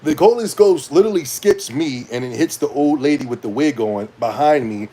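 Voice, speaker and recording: A young man in a casual rant to camera as a gaming commentator, animated and rambling, with slang and frequent laughs. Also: a little high, fairly quick, hardly any pauses, slightly rough.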